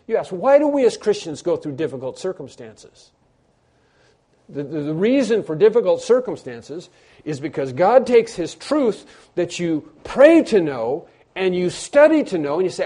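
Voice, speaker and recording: Earnest, mellow-voiced male preacher. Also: high voice, very animated, normal speed. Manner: earnest storytelling, swings between hushed and emphatic; repeats and restarts words. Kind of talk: sermon.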